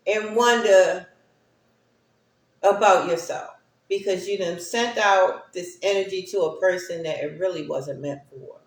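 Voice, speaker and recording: A woman's voice: on the low side, roomy sound. A woman hosting a livestream, talking casually and reflectively to her viewers and laughing often. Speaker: livestream host.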